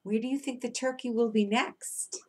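A woman's voice: a little high, steady tone, normal speed. A middle-aged woman teacher reading a picture book aloud to young children, chanting refrains and asking coaxing questions.

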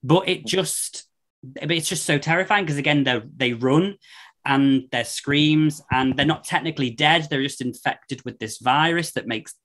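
A man, hosting a horror podcast in rambling, animated casual chat. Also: a little high, moderate pace. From north of England. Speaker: podcast host.

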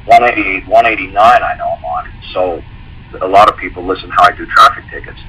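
A man's voice: low voice, fairly quick, sharp tone, a little hiss or hum, rough recording. A man, a guest on a call-in show, explaining at length in a rambling, repetitive way and acting out anecdotes in quoted dialogue. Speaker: guest speaker.

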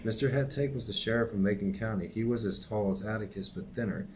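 A man reading a novel aloud in a steady, unhurried narration. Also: fairly low pitch, background noise. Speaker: reader and teacher.

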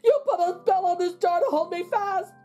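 A woman voicing a fat, greedy male goblin from a storybook read-aloud, whining and shrill. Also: moderate pace, soft background music. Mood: panicked. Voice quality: shrill shouting.

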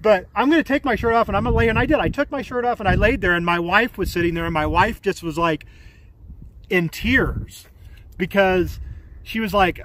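Man, 40s, high-pitched; loose, filler-heavy vlog storytelling outdoors. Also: a little fast, fairly bright tone, a little hiss or hum. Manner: rambling, full of fillers and restarts. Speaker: vlogger. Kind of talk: casual storytelling to camera. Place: outdoors by a community pool.

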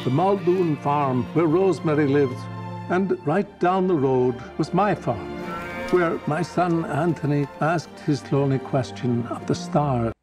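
A man's voice: on the high side, measured pace, lightly acted. An actor playing an older farmer and father, narrating his family's story in a film trailer. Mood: storytelling. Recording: film trailer audio over music.

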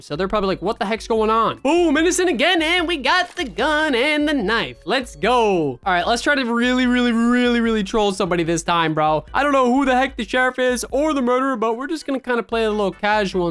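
A young man giving casual, excitable Roblox gameplay commentary, chatty and slangy, breaking into sudden shouts. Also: high-pitched. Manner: casual slangy chatter, keeps saying bro. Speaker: gaming YouTuber.

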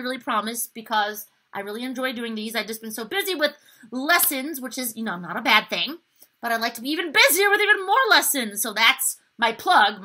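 A woman with a high, bright-sounding speaking voice leads an upbeat singing lesson, coaching her students and singing the exercises for them. Piano music plays clearly behind her. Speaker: voice teacher.

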